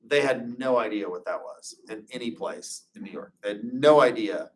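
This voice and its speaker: A man's voice: mid-range voice, moderate pace, far from the mic, a little hiss or hum. A man giving an informal classroom lecture, chatty and anecdotal, drifting into loose personal stories. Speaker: instructor.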